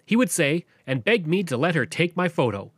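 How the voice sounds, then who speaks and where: A man hosting a podcast, narrating history from a script in a lively storytelling way. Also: fairly high pitch, moderate pace, breathy edge, dry recording, clean studio sound. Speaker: podcast host.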